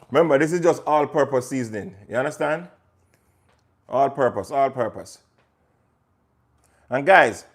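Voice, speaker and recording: Jamaican male chef, relaxed live-stream host, playful and talkative. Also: a little high. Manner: chatty and joking, talks straight to viewers. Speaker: chef hosting a livestream. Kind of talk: casual live cooking chat.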